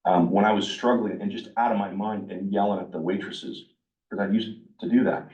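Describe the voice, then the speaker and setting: Man, lowish voice, blunt animated group speaker, picked up from a distance off the mic. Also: brisk, lo-fi sound. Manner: blunt, animated, acts out his own quoted dialogue. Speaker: workshop speaker sharing recovery experience. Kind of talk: casual talk to a group. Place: meeting room with a live group.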